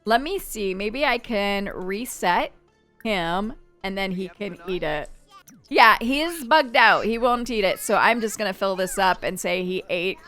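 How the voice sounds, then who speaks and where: A woman casually narrating a life-simulation game, chatty and expressive, talking to the characters and the game as she plays. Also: medium pitch, a little slow, faint music behind. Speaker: game streamer. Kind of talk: casual let's-play narration.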